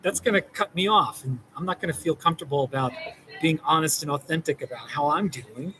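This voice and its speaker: A man's voice: fairly high pitch, a little fast, sharp tone, slight background noise, rough recording. Rambling, reassuring man therapist. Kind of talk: casual direct-to-camera talk.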